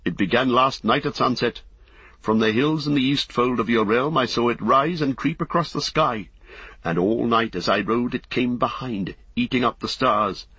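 Messenger rider, read by a man: grim, urgent, husky, dull recording. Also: mid-range voice, moderate pace, pushed and bright, no room sound, pitched above the performer's own voice.

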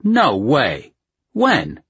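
Cocky crude young guy teasing his buddy, a husky narrator puts him on, high and loud. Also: huge pitch swings, very slow, dry recording, dull audio, exaggerated voice. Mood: brash, teasing. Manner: loud, mocking, swaggering. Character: brash crude young male friend, teasing.

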